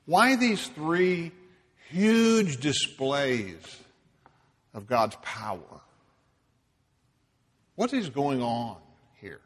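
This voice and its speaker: A man preaching a sermon, emphatic, dropping to a hush and rising loud for stress. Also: on the high side, big pitch swings, big-room sound. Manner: slow, emphatic, swings between hushed and loud.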